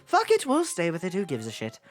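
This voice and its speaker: A woman's voice: fairly low pitch, huge pitch swings, brisk, soft background music. Chatty, self-mocking woman streamer. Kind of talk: casual gameplay commentary.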